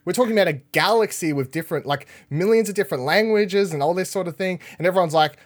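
An energetic man hosts a casual podcast, chatting in a loose, rambling way. His voice sits a little higher than most men's. He keeps the talk upbeat and moving. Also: quick pace, hardly any pauses. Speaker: podcast host.

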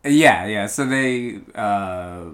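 A young man co-hosting a podcast, recapping a film in a casual, halting way with many pauses and restarts. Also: on the low side, lively intonation, a bit bright. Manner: hesitant, many uhs and restarts. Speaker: podcast co-host.

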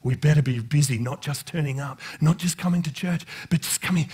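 A male pastor with a husky, slightly mellow voice preaches a sermon at a steady tone, a little fast and with few pauses. He jokes with the congregation, talking to them directly and conversationally, then builds into impassioned, high-pitched preaching.

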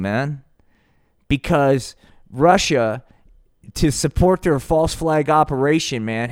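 A man's voice: fairly high pitch, smooth, no echo, clean studio sound. A man hosting a podcast, improvising a comic puppet show and chatting in a loose, profane, rambling way. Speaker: podcast host.

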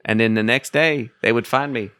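A man's voice: mid-range voice, normal speed, sharp tone, clean tone, no room sound, studio quality. A man co-hosting a podcast, chatting casually about board games with playful, joking banter. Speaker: podcast co-host.

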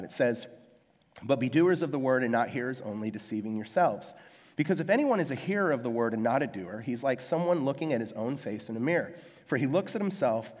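A young adult male pastor preaching a conversational, self-deprecating sermon, acting out quoted voices in his stories. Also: medium pitch. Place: church sanctuary. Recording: long hall reverb.

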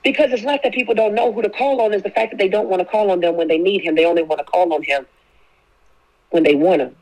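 A woman's voice: medium pitch, fast talker, darkish tone, low-quality recording. A woman giving a preaching-style faith talk, emphatic, repeating key phrases and speaking prayers aloud.

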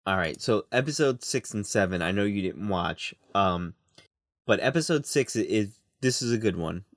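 A man co-hosts a casual podcast, talking through episodes in a hesitant, stumbling way. His voice is fairly low, and the recording is dry and close. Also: animated, normal speed, dry recording. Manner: hesitant, stumbling over words. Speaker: podcast co-host. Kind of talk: casual podcast show review.

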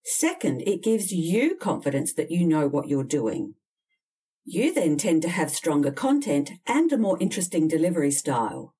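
A woman's voice: sits low, big pitch swings, normal speed, mellow, slightly rough, distant mic. A woman coaching people on job interviews, giving direct, emphatic, candid advice in an instructional talk. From Australia.

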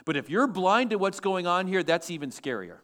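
A man's voice: high voice, sing-song, fairly quick, fairly bright tone. A man pastor preaching a sermon to his church, emphatic and asking the congregation questions.

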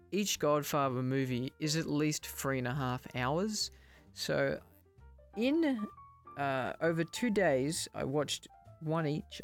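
A young man hosting a casual solo podcast, rambling, joking at his own expense and stumbling over words. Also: fairly high pitch. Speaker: podcast host.

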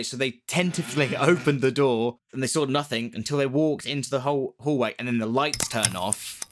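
A man hosting a relaxed chat, retelling a spooky tale in a loose, rambling way. He jokes as he goes and laughs at his own asides. His voice sits at an ordinary middle pitch. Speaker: podcast host retelling a ghost story. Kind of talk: casual storytelling chat.

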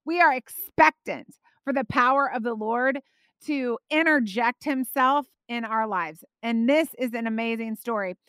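A woman with a slightly high voice hosts a faith podcast. She talks in an earnest, animated way and encourages her listeners. The recording is dry, with no room sound. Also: measured pace, no echo. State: out of breath. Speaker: podcast host.

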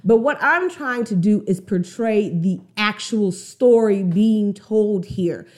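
A woman giving casual, slangy music commentary in an animated way, retelling a song's story. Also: mid-range voice, slow. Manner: animated, slangy, acts out song dialogue.

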